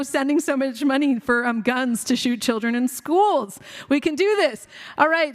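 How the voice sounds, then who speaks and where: A woman physician giving a passionate conference keynote, quick and conversational with many fillers. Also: high-pitched. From India. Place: large conference hall. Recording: long hall reverb.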